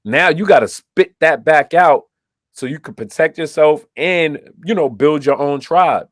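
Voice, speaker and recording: Co-hosting a laid-back storytelling podcast, this man from Brooklyn, New York performs the quoted dialogue in his anecdotes with lots of animation. He speaks on the high side at a measured pace, recorded dry with studio quality.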